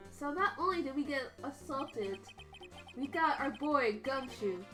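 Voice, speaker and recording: A woman's voice: high-pitched, animated, measured pace, sharp tone, faint music behind. A woman streaming a video game, joking and swearing in casual commentary. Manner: profane, joking.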